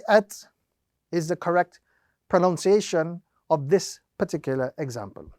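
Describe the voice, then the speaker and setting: A man teaching Quran recitation, explaining each rule slowly and step by step, drawing out the example words and repeating the steps methodically. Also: fairly high pitch, a little mellow, no room sound, clean studio sound. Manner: slow, deliberate explanation with drawn-out demonstrations. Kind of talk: instructional lesson.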